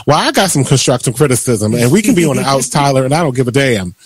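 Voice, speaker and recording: A man's voice: medium pitch, animated, quick pace, breathy edge, no room sound. A man hosting a radio talk show, ranting animatedly and laughing often. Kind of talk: casual radio chat.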